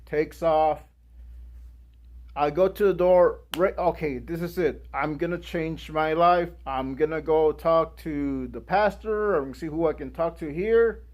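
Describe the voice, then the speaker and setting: A young man giving a guest speech, telling a personal story in an animated way and acting out the people in it. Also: on the high side, a little slow. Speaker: guest speaker.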